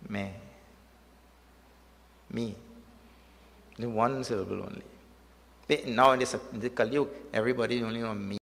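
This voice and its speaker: In a temple hall with long reverb, a man delivers a devotional sermon built around a story. He speaks fast in a medium-pitched, steady, creaky voice with a fairly bright tone, leaning on rhetorical questions and repetition for emphasis.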